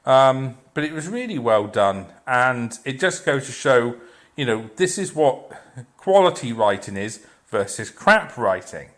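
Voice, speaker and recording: A man's voice: medium pitch, sing-song, measured pace, a bit bright. A man ranting in a blunt, profane and sarcastic way, rambling with restarts and filler as he reviews a show. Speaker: video reviewer. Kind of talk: unscripted rant.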